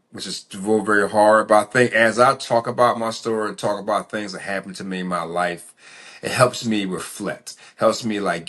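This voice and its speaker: Low-voiced rambling man from Philly. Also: a bit bright. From Philadelphia. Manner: rambling, profane, frequent fillers. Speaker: podcast host. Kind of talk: casual storytelling.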